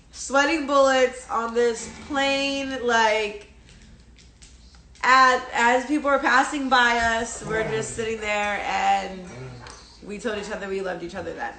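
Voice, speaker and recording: A woman's voice: fairly high pitch, fairly even intonation, takes it slowly, sharp tone, reverberant, slight background noise. A young woman telling a personal story on a phone live stream, rambling with many fillers and restarts, casually swearing. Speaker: livestreamer.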